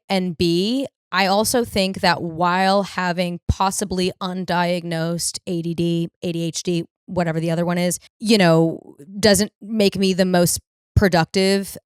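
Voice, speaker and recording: In a clean, dry studio recording, a young podcast host rambles through profane stories with animated energy, like a casual comedy monologue. Her voice leans low and has a clean tone.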